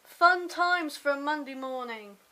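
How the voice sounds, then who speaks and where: Bright, chatty English woman vlogger. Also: sits high, a little slow, low-quality recording. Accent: English with a slight London twang. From Hampshire, England. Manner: chatty, rambling, self-mocking asides. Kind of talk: casual daily vlog. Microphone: compact camera mic.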